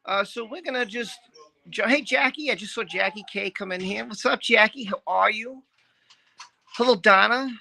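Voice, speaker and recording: A woman's voice: mid-range voice, moderate pace, creaky, bright, forceful tone. A middle-aged woman hosting a live stream in casual chat, greeting viewers by name in a chatty, scattered way.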